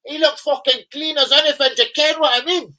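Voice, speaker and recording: A man putting on a high, loud Scottish gossip. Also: steady tone, brisk, heavily acted. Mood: gossipy. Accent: put-on Scottish. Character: chatty Scottish man gossiping about a player.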